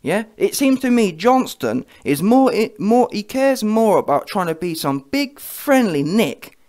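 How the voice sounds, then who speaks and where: A man with a high-pitched, sing-song voice, a little slow and darkish in tone, rants about boxing on his vlog. His commentary is heated and mocking, and he repeatedly checks in with viewers by asking "yeah?".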